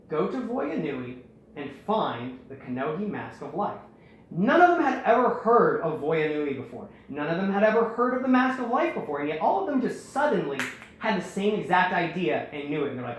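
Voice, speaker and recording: Man, casual storytelling host, rambling and animated, higher voice. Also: a little hiss or hum. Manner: rambling, animated, acts out quotes. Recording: very echoey room.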